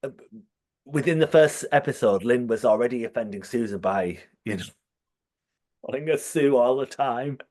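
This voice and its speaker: A man's voice: mid-range voice, moderate pace, a little mellow. A man co-hosting a podcast, telling stories with enthusiasm and frequent laughter. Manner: enthusiastic storytelling, often laughing. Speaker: podcast co-host. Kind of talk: casual chat.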